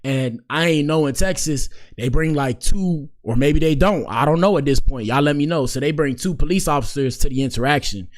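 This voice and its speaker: A soft-spoken man in his twenties, a podcast host telling a story in a slangy, rambling way and repeating phrases for effect. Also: fairly high pitch, a little fast, few pauses. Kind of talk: casual storytelling.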